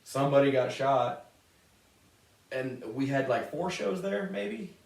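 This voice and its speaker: A man's voice: medium pitch, lively intonation, measured pace, a little mellow. A man co-hosting a casual wrestling talk show, telling stories and teasing his co-host with lots of swearing. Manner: profane, teasing banter. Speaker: podcast co-host. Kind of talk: casual chat. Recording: roomy echo, distant mic.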